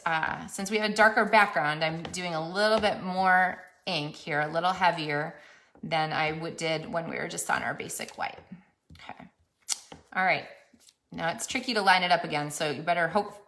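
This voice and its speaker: Female crafter, lower-pitched, easygoing chatty tutorial narration. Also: fairly bright tone, a little hiss or hum. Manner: chatty, self-narrating while working. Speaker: papercraft demonstrator.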